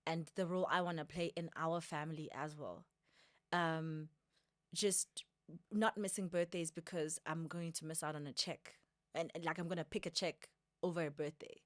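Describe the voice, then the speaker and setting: A woman's voice: low-pitched, steady tone, moderate pace, dry recording, clean studio sound. A woman in her early thirties, a guest in a casual podcast chat, earnest and reflective, repeating phrases for emphasis. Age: 30s.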